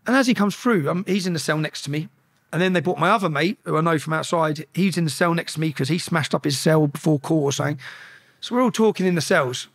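Fast-talking, animated man. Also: on the high side. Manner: animated, profane, acts out shouted exchanges. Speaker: guest. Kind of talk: storytelling in a podcast interview.

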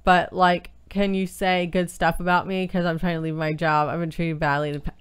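A woman co-hosting a snack-tasting livestream, relaxed and teasing, reading out viewer chat. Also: on the low side, moderate pace, clear, resonant tone. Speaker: livestream co-host.

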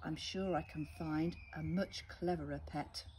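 A woman voicing a fussy female parrot in a storybook, pitched up and sing-song. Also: fairly even intonation, a little slow, a little mellow, slight background noise. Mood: sighing.

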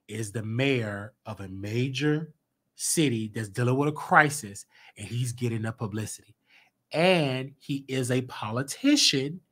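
Animated man hosting a commentary show. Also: mid-range voice. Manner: animated, rising to emphatic outbursts. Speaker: show host.

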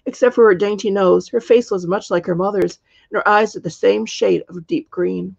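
A woman, the author, reading her storybook aloud in a steady, measured way, in a dull lo-fi recording. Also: medium pitch, creaky, husky, dry recording.

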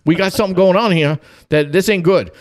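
A man's voice: medium pitch, animated, moderate pace, natural voice. A man voicing a protective older southern father who talks in urgent, folksy fragments with a Southern US accent. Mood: alarmed. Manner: urgent, folksy, dropping words.

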